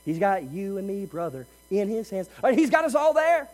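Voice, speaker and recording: A high-pitched male pastor delivers a sermon, rising to loud, emphatic passages and then dropping to hushed, intimate asides. A faint mains hum sits under the recording. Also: sing-song, moderate pace, in a large hall, low-quality recording.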